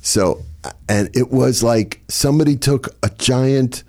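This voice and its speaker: A man's voice: medium pitch, measured pace, mellow. An older man from the Boston area, a comedian guest telling wry stories and laughing at his own jokes. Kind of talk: storytelling interview.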